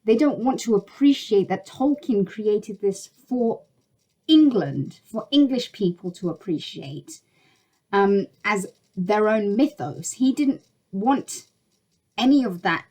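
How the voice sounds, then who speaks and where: A woman's voice: medium pitch, expressive, takes it slowly, warm tone, low-quality recording. Woman YouTuber, heated opinion rant to camera; blunt, exasperated, swears freely.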